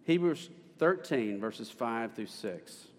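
A man's voice: mid-range voice, expressive, slow pace. A male pastor preaching a sermon with emphatic, swelling stresses, recorded in a church sanctuary. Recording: long hall reverb.

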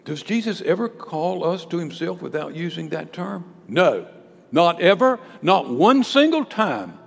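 A male pastor preaching a sermon, emphatic, swinging between loud declarations and hushed storytelling. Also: a little high, big pitch swings, measured pace, creaky, husky. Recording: long hall reverb with faint background noise.

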